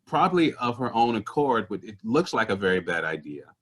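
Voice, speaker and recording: Animated storytelling man, bright lower voice. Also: a little fast, breathy edge. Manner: animated, acts out other people's voices in stories; earnest and indignant about social issues. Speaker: comedian guest. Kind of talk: conversational storytelling.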